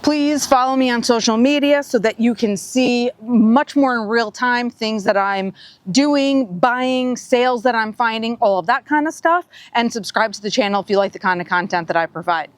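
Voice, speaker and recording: A woman's voice: a little high, normal speed, dry recording. A woman hosting a gardening vlog outdoors, talking casually while she works on a flowerbed, a bit out of breath from digging. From Southeastern United States. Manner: chatty, thinking aloud while working. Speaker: gardening channel host.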